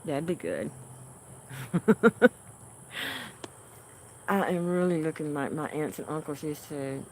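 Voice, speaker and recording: Over a slight hiss or hum, a woman with a low voice and lively intonation hosts a livestream. She chats with viewers at an easy pace, answering their comments in a homey style with plenty of soft laughs.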